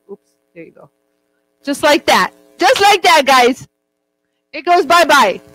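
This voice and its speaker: A woman's voice: sits high, sharp tone, rough recording. A woman teaching jewelry making in a casual, chatty way, joking with her crew as she works. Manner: chatty, jokey, laughs often. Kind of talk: casual demo chat. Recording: faint mains hum.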